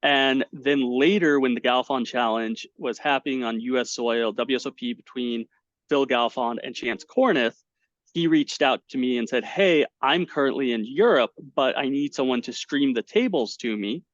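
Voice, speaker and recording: A man tells stories as a guest on an interview call, lively and full of restarts and fillers. His voice sits in a middling range. The audio is dull and lo-fi, with no room sound at all. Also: medium pitch, moderate pace, no room sound. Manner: animated storyteller, many fillers and restarts. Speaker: guest, poker commentator. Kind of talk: casual interview over video call. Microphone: webcam setup at home.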